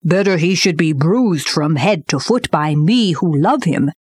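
Lady reading as a stern old bear teacher, earnest, lecturing, slow and low-ish, dry close sound. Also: lively intonation, a little mellow, husky, no room sound, full character voice.

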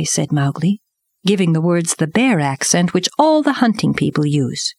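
A woman narrates a storybook in a measured, expressive way, her fairly low voice rising and falling a great deal. She reads slowly. The recording is close and dry. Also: dry recording. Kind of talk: storybook reading aloud.

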